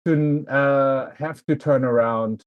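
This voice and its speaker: A man with a German accent, a guest in a casual interview, speaking thoughtfully with frequent pauses and fillers. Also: mid-range voice, fairly even intonation, phone-quality sound.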